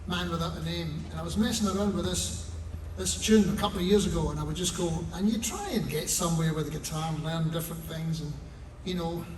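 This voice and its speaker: A man's voice: on the high side, fairly quick, few pauses, slight background noise. An older man, a singer-songwriter, telling wry, chatty stories onstage between songs and swearing now and then. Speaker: singer-songwriter performing solo. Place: theatre stage before an audience. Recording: echoey theatre, mic heard from a distance. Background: audience ambience.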